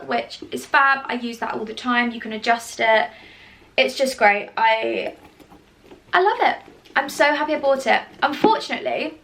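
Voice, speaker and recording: Young woman lifestyle vlogger, casual and gushing, slightly high voice, lots of fillers. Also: a bit bright. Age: 20s. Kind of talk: casual chat to camera.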